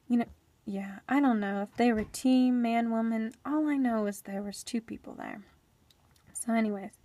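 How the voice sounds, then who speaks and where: A woman voicing a deaf storyteller's first-person story, halting and often dropping into a soft whisper. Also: a little high, no room sound.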